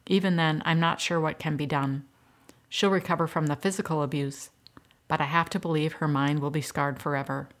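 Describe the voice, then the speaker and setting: A woman reading the lines of a tired male doctor, speaking in a grave, measured way. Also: a little high, fairly even intonation, a bit bright, natural voice. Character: weary male small-town doctor.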